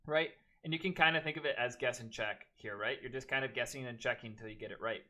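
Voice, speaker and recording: A man talks fast as he teaches a math class, going through steps aloud and adding joking, chatty asides for his students. His mid-range voice sounds pushed and bright.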